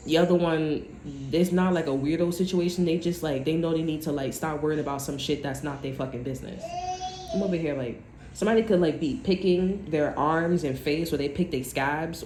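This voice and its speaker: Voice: medium pitch, darkish tone, slight background noise. A tarot reader talking straight to viewers in a blunt, chatty, profane way. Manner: direct address to viewers. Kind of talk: casual tarot reading monologue. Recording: echoey room.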